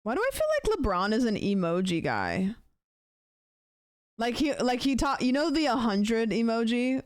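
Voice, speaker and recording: A woman's voice: a little high, sing-song, moderate pace, no room sound, clean studio sound. A young adult woman streamer in casual chat, rambling and playful and swearing now and then. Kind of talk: casual chat, ranking celebrities' texting habits.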